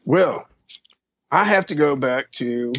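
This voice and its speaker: A man's voice: mid-range voice, expressive, slow pace, vocal fry, fairly bright tone, dull audio. A man being interviewed, telling long, profane stories in a casual, rambling way full of fillers. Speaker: interview guest. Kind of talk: casual storytelling.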